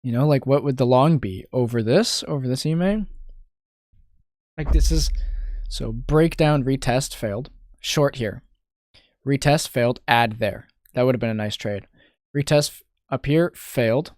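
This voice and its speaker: A man's voice: medium pitch, a little slow, darkish tone, no echo, clean studio sound. A young man from Canada streaming his day trading, thinking aloud and muttering in frustration, swearing now and then. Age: young adult. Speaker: day trader streaming live. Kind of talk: casual live-stream commentary.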